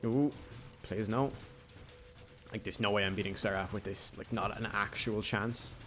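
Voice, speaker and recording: A man's voice: lowish voice, steady tone, normal speed, a bit bright, soft background music. A man giving casual, rambling, jokey commentary while playing a video game. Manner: rambling, chatty, jokey asides. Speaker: gaming YouTuber.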